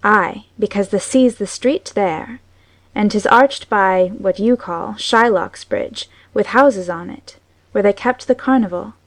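Slow, careful woman reading poetry. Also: mid-range voice, no echo. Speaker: volunteer audiobook reader.

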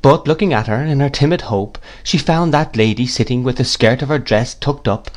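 A man's voice: medium pitch, moderate pace. Man reading a classic novel aloud. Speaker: audiobook narrator. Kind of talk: scripted narration of a classic novel.

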